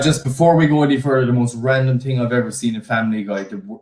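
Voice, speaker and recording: An Irish man as a guest in a casual chat, laid-back and swearing casually. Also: medium pitch. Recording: echoey room with faint noise.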